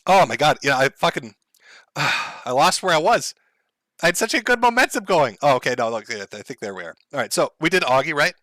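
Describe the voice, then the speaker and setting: A man on a live stream, talking loosely and sardonically, with a bright, lively voice that swings around a lot. He laughs often and hams up fake distress. The sound is dry and close, with no room around it. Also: fairly high pitch, fairly quick, dry recording. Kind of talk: casual live-stream talk. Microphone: headphones and desk mic.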